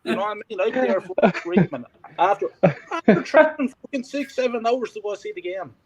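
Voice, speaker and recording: A man in casual conversation, cursing freely as he tells a heated story. His pitch swings widely and sits a little high, giving his talk an animated, worked-up feel. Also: brisk, a crowd in the background. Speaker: co-host of a fan podcast. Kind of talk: casual chat.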